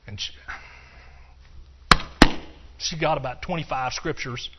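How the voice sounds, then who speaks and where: A male preacher delivers a sermon, building his points with emphatic repetition and stopping to restart his sentences. His voice sits fairly high for a man. The recording sounds dull and lo-fi. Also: brisk, a little hiss or hum.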